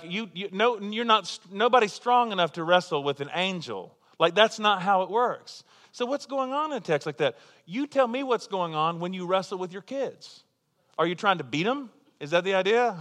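A man's voice: on the high side, fairly bright tone, in a large hall. A man preaching a sermon as pastor, chatty and joking, throwing rhetorical questions at the congregation.

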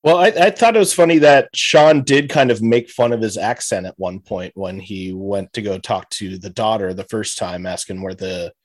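A man's voice: fairly low pitch, normal speed, hardly any pauses. A man co-hosting a casual podcast chat, recapping scenes and hesitating as he searches for words. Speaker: podcast co-host. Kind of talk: casual chat reviewing a TV episode.

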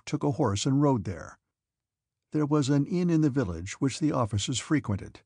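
A man reading a classic novel aloud as an audiobook narrator, in a measured, steady way. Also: mid-range voice, breathy edge, no echo, studio quality. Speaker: audiobook reader. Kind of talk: scripted narration.

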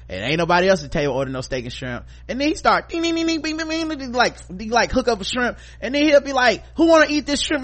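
A middle-aged man co-hosting a podcast, chatting casually and reading listener feedback, acting out stories with loud profane quotes. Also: high-pitched, fast, hardly any pauses. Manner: animated storyteller, profane, acts out quotes loudly. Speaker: podcast co-host.

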